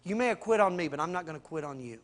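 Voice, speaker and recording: Man preaching as soft-spoken, tender Jesus. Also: a little high, lively intonation, rapid-fire, close to an everyday voice. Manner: soft, quiet and reassuring.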